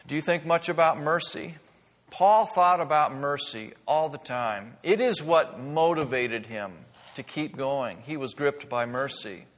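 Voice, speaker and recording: A man preaching a sermon to his congregation in a church, teaching earnestly, with rising emphasis and hushed asides. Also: a little high, unhurried. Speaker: pastor. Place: church sanctuary. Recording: long reverb of a large church.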